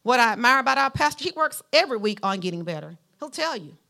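Animated Southern woman preaching a sermon. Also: fast, gravelly. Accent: Southern US (Alabama). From Mount Vernon, Alabama, US. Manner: animated preaching with a lively pitch, rising to emphatic peaks; folksy, speaks directly to the congregation.

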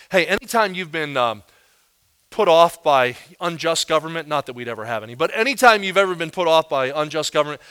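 A man delivers a sermon with a bright, slightly higher voice. He tells stories and slips into other voices for the quotes he acts out. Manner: animated storytelling, acting out quotes in different voices. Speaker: pastor.

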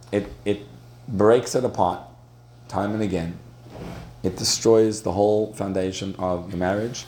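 A man's voice: deep voice, warm tone, slight background noise. A man speaking to a live audience, telling a story in a chatty way with frequent restarts and laughter. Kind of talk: storytelling talk on marriage.

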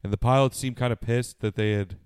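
A man's voice: medium pitch, steady tone, brisk, a little mellow, clear, resonant tone, dry recording. A man co-hosting a casual podcast, telling a long story with lots of swearing and fillers, tired and sniffly. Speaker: podcast co-host.

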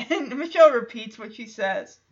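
A woman's voice: on the high side, lively intonation, moderate pace, highs cut off. A woman hosting a podcast, recapping a show episode in a chatty, amused way with loose filler words. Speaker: podcast host.

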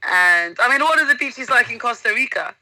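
Woman gushing about travel stories, super bright voice, dry close sound. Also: fairly high pitch, lively intonation, brisk, no echo, poor audio. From England. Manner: enthusiastic, vivid storyteller. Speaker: guest. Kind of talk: casual interview chat.

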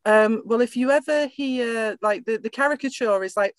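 A woman's voice: a little high, moderate pace, dry recording. A woman with an English accent, a guest running an IT repair business, talking in a friendly, plain-spoken way. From England. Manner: friendly, conversational, explains plainly. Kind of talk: casual interview chat.

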